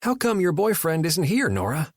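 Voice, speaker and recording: A man's voice: on the high side, huge pitch swings, no echo, studio quality, voice pushed up. Man playing a terse, awkward young man. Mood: gruff. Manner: terse, halting.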